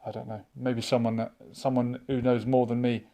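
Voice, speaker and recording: A man hosting a live online chat show, musing out loud and reading viewers' comments aloud in a casual, thinking-aloud way. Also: mid-range voice, flat delivery, normal speed. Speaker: livestream chat host.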